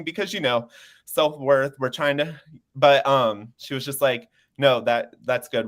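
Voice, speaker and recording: A man's voice: fairly high pitch, moderate pace, a bit bright. A man in his twenties, a panel guest sharing his story in casual chat over a video call, earnest and open, laughing easily. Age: 20s.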